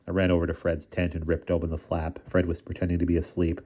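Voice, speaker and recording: A man reading a children's novel aloud, narrating and acting out the boys' dialogue in raised, excited voices. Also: low voice, fast talker. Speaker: audiobook reader. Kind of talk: storybook narration. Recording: dull lo-fi recording.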